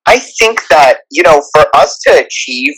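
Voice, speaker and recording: A man's voice: fairly high pitch, expressive, moderate pace, fairly bright tone, poor audio. A man with a Persian accent who talks in a rambling, earnest way and often restarts his sentences in a casual live audio chat. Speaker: guest speaker.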